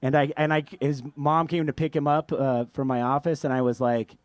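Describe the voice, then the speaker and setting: A man's voice: fairly high pitch, steady tone, normal speed, hardly any pauses, dry recording. A man emceeing at a music festival stage, chatty and rambling, often correcting himself mid-sentence. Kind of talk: stage introduction.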